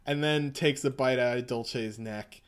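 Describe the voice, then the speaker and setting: A man casually recapping a story for a friend, rambling along with plenty of chuckles and asides. His voice sits at an everyday middle pitch. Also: unhurried, clean tone. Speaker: podcast co-host. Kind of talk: casual chat recapping a manga.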